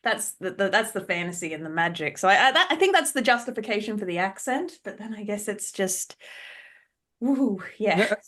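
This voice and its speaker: A woman's voice: medium pitch, expressive, moderate pace, fairly bright tone. A woman co-hosting a podcast in casual chat, chatty and laughing, often searching for words. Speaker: podcast co-host.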